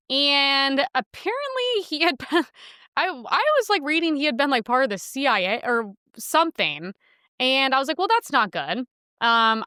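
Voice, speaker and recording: In clean studio sound with no room noise, a young podcast host riffs on the news in a chatty, sarcastic way, laughing frequently. Her voice is high-pitched, pushed and bright, with a clean tone.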